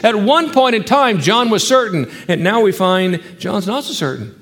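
A man preaching a sermon, emphatic, with rhetorical questions and sudden drops into hushed, quiet passages. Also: high-pitched, expressive, moderate pace, hardly any pauses, long reverb tail. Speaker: pastor.

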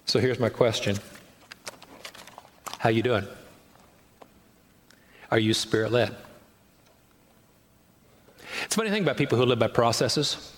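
A man's voice: medium pitch, normal speed, pauses often. A man preaching a sermon as pastor, conversational, with rhetorical questions and acted-out quotes. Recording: long hall reverb.

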